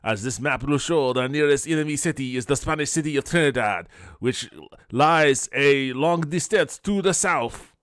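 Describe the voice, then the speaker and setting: A man's voice: fairly high pitch, normal speed, fairly bright tone, smooth, no room sound, studio quality, voice pushed up, natural voice. A man putting on a pompous French governor. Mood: formal. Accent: put-on French. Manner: formal, courtly.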